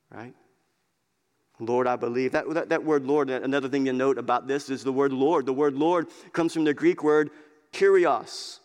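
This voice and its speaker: A man preaching a sermon as a pastor, emphatic and repeating words as he builds, sometimes dropping to a hushed intensity. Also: mid-range voice. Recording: long hall reverb.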